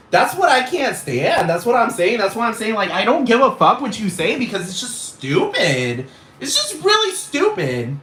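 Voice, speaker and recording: A man's voice: sits high, big pitch swings, moderate pace, fairly bright tone, roomy sound. A man ranting casually to camera in a vlog, swearing and emphatic, full of slang. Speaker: vlogger.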